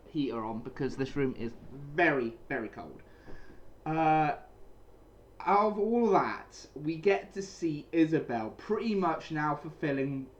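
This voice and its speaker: A man's voice: a little high, lo-fi sound. A man casually recapping and reviewing a comic chapter, rambling with many restarts and repeated phrases, speaking from a small room at home. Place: small cold room indoors with a heater running.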